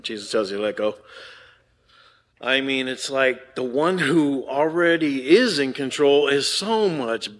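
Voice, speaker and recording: Older man pastor, casual sermon voice, shifts from hushed to emphatic, mid-pitched. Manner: conversational preaching, frequent "right?" and "man".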